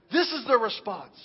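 A man preaching a sermon to his church, reading scripture with animated, dramatic swings in loudness. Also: sits high, husky. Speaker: pastor. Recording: dull sound with long hall reverb.

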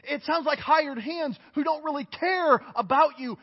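Man preaching, very high voice, earnest and emphatic, repeats phrases, self-mocking humor, muffled lo-fi sound. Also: a little slow. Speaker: pastor. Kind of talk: sermon. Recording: reverberant hall, dull lo-fi sound.

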